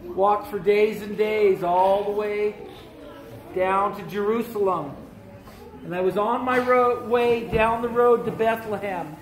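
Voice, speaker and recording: A woman telling a story live in the first person and in character, animated and playful, voicing the other people in her tale. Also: mid-range voice, takes it slowly. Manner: animated, playful, with voiced-out dialogue. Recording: echoey room with a live audience.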